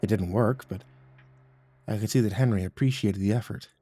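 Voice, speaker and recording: A man narrating a first-person horror story in a measured, hushed manner, often dropping quiet. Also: lowish voice, husky.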